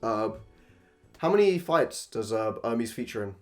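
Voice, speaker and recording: A male reviewer talks through his opinions in a loose, unscripted monologue with a medium-pitched voice. He is blunt and swears freely. He swings easily between ranting and gushing with excitement. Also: measured pace, faint music behind. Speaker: anime and manga reviewer.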